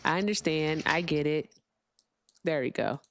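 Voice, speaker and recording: A woman's voice: sits low, measured pace. A woman hosting a casual livestream chat, chatty and playful with jokey asides. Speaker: host.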